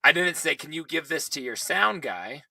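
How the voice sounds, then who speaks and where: A young man telling a story in casual podcast chat, animated and swearing, while he is losing his voice. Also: on the high side, normal speed, vocal fry, husky, dry recording, recorded from a distance. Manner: animated, swearing, quoting himself. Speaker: podcast co-host.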